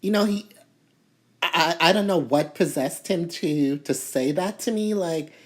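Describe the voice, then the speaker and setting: A woman from Toronto telling a story to camera in a casual, animated way, full of "you know" fillers and indignation. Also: fairly low pitch, a little slow. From Toronto, Canada. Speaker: vlogger.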